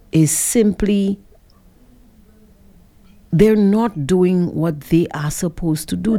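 A woman hosting talk radio, her voice low and mellow. She answers callers calmly and pushes back with reasons. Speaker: radio talk show host.

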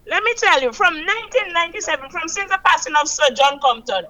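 Impassioned high-voiced Saint Lucian woman. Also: expressive, sharp tone, rough recording. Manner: impassioned, preachy, emphatic with slow drawn-out stresses. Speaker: caller. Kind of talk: call-in radio political rant.

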